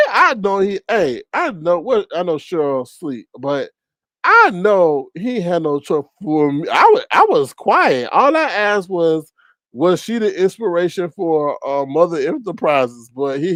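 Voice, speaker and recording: A man's voice: big pitch swings, measured pace, a bit bright, dry recording, studio quality. A man hosting a livestream, roasting people in a sassy, theatrical way. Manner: sassy, theatrical, swings pitch. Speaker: livestream host. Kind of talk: casual roast commentary.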